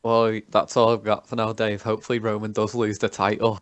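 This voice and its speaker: A man's voice: on the low side, flat delivery, fairly quick, clear, resonant tone, dry recording, muffled recording. A man calling in to a show, chatting with small hesitations. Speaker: caller.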